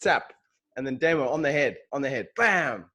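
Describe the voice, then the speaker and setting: A man's voice: mid-range voice, a little fast, a bit bright. A man hosting a casual video-call interview, chatty and full of jokes. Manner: joking, chatty banter. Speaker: interview host.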